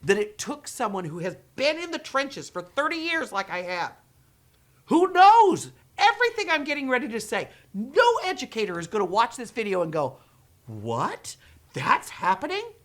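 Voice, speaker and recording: A woman's voice: fairly high pitch, very animated, normal speed. A middle-aged woman, an educator with thirty years of experience, talking straight to her viewers and acting out the reactions she expects with gasps and whispers. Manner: dramatic, acts out quoted reactions with gasps and whispers. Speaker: educator running her own company and channel. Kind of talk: direct-to-camera talk.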